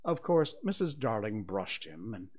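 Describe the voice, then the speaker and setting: A man narrating a classic children's story in an expressive reading voice. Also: lowish voice, a little slow. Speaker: audiobook narrator.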